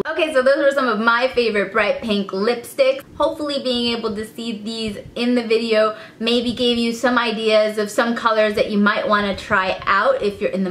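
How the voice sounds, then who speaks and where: A woman's voice: mid-range voice, a bit bright. A woman vlogger chatting enthusiastically through a casual product review at home. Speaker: beauty vlogger. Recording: echoey room.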